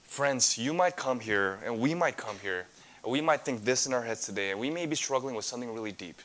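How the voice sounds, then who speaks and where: A man's voice: medium pitch, expressive, fairly quick, a bit bright. A man preaching a sermon as a pastor, earnest and full of rhetorical questions.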